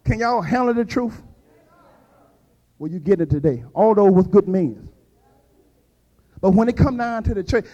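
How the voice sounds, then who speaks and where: An older man preaching a fervent sermon, dropping to quiet asides and rising to shouted peaks. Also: high voice, moderate pace, rough recording.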